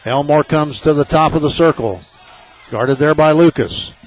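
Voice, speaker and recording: A man calling a high school basketball game on local radio, partisan and excitable, his voice jumping up on big plays. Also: moderate pace, low-quality recording. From southern Illinois. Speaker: play-by-play announcer.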